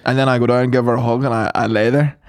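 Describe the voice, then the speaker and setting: This is a man co-hosting a comedy podcast. He tells rambling anecdotes at a quick pace in a mid-range voice. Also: medium pitch, flat delivery, clear, resonant tone. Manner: fast, rambling storyteller. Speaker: podcast co-host. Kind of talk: casual comedy podcast chat.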